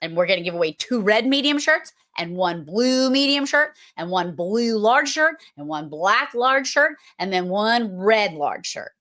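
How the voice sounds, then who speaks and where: Slow-talking woman hosting a livestream. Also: medium pitch, animated, a bit bright. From Massachusetts. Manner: playful, teasing, talks to the chat. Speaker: livestream host. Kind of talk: casual livestream chat.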